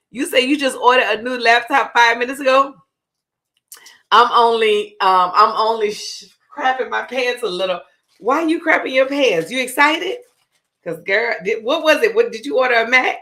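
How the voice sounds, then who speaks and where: A woman's voice: fairly high pitch, moderate pace, sharp tone. A woman with a New Orleans accent, hosting her own show and chatting casually to viewers while she cooks. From Louisiana. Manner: chatty, talks straight to viewers. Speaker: show host. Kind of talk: casual cooking chat.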